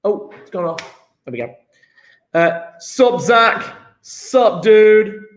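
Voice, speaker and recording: A man with a high, light voice runs a live online lesson, joking with his students as he calls the register. He talks at an unhurried pace. The sound is roomy, with a noticeable echo. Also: animated. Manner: chatty, joking, takes register and reads out student chat. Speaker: teacher.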